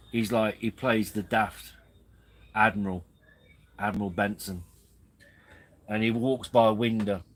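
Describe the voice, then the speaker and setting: Bloke on a camping livestream, low-ish voice, chuckles a lot, rambles. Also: male voice, low-quality recording. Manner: rambling, chuckling, easily amused. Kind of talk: casual live-stream chat. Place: outdoors at a campsite.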